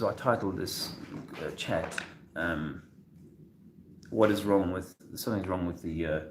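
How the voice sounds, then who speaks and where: A man with a very low, gravelly voice speaks slowly to his viewers. He is soft-spoken and hesitant, with many restarts. The room is echoey and a faint hiss sits behind him. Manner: halting, full of restarts and fillers; soft-spoken and emotional at times. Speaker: video host. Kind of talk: casual livestream talk.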